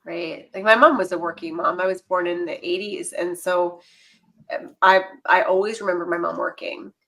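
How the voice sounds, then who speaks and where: Talkative woman around forty, podcast guest, animated storyteller who laughs often. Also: fairly low pitch, moderate pace, poor audio. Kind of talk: casual podcast conversation.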